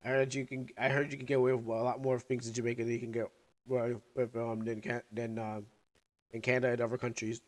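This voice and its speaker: A young man with a mid-range voice and level tone chats casually on a livestream while sick, coughing, and recovering his lungs. He rambles and halts, talking around a piece of candy in his mouth.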